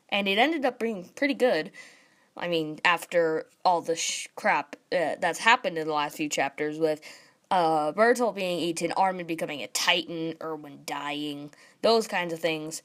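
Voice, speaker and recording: A young woman giving a casual, excited review with lots of fillers and rambling asides. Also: on the low side. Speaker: manga reviewer.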